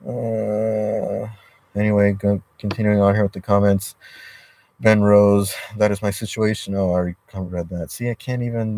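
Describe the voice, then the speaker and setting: A man talks into a livestream from inside a parked car, his voice deep and low. His tone is dark and mellow. He rambles, swears often and restarts sentences as his frustration spills out. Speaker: livestreamer reading chat comments. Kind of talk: rambling live-stream chat.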